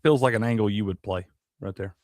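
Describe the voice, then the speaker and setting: A man's voice: fairly low pitch, a little fast, a little mellow, no echo, studio quality. A man co-hosting a sports talk show, chatting casually with easygoing, joking reactions. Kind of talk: casual chat.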